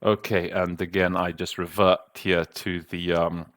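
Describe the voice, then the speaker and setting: A man's voice: low voice, flat delivery, a little slow, a bit bright. A man, a conference interpreter hosting a podcast, reflecting candidly on his own interpreting in a conversational way. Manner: reflective, self-critical, conversational.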